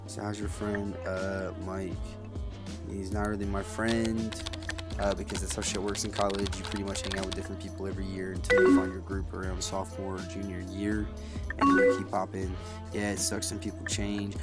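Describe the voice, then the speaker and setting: A man's voice: low voice, little pitch movement, normal speed. A young man swearing freely as he tells a heated story and comments on a game. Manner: profane, blunt and heated. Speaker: let's play host. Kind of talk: casual gameplay commentary and storytelling. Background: game music.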